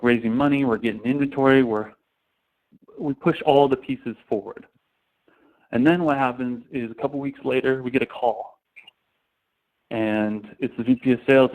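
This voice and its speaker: A man as a sales trainer, telling anecdotes in a casual, animated way. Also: mid-range voice, moderate pace. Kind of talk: storytelling talk. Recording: tinny phone-like sound.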